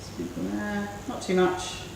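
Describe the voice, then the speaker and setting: A woman hosting a cooking show, chatting in a relaxed way and thinking aloud as she works. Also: mid-range voice, slow, vocal fry. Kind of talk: casual cooking demonstration. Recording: very echoey room, mic far off, faint noise.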